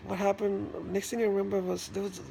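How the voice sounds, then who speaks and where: A man with a high voice and heavy vocal fry recounts a personal memory in a casual vlog. He speaks haltingly and circles back, with lots of restarts and fillers. A faint hum of room noise sits behind him. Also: completely flat delivery, mellow. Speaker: vlogger.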